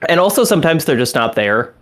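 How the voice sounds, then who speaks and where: A man co-hosting a casual game discussion podcast, rambling and animated, often slipping into character quotes. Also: fairly high pitch, fast talker. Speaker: podcast co-host.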